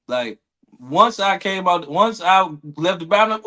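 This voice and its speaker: A man's voice: high-pitched, animated, unhurried, bright, forceful tone. A man co-hosting a podcast in casual banter, slangy, with exaggerated comic outrage. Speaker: podcast co-host.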